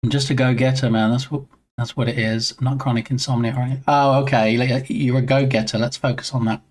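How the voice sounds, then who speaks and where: A man's voice: mid-range voice, little pitch movement, fast, a little mellow. A man streaming live while he works on his game, chatting casually and answering viewers in a self-deprecating way.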